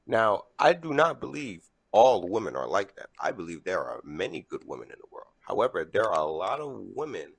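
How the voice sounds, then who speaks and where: A man's voice: low voice, big pitch swings, fairly quick, few pauses, husky, dry recording. A man giving an earnest, preachy monologue straight to his viewers. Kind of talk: direct-to-camera opinion monologue.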